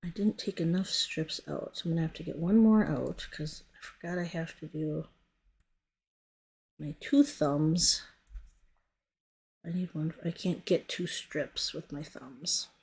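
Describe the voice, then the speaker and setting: Low, husky, and gravelly, this American woman talks a little slowly with long pauses and a darkish tone. She's a nail product stylist chatting through a casual tutorial, describing her hand movements and frequently trailing off to self-correct.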